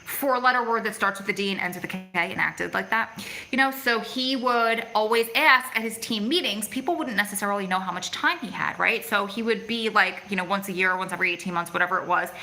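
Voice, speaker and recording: This middle-aged woman's mid-range voice sounds pushed and bright as she chats through a casual outdoor livestream on her phone, reading and answering viewers' comments in the city at evening. Audio quality is poor.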